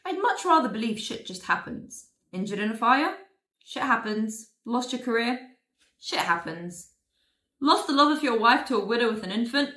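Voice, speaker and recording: A woman's voice: on the high side, lively intonation, sharp tone. Sarcastic woman ranting about a book. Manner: exasperated, sarcastic, swears freely; rapid plot recap with filler "like". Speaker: book reviewer. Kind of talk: casual book review vlog. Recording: roomy echo.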